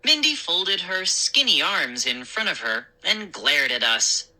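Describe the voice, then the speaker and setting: Bright, unhurried woman storyteller. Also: lowish voice, sing-song, poor audio. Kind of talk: scary story read aloud.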